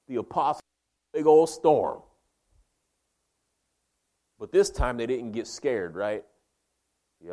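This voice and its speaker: A man preaching a sermon, folksy and emphatic, calling his listeners "man" and "baby", swinging between loud emphasis and quiet, slow lines. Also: medium pitch.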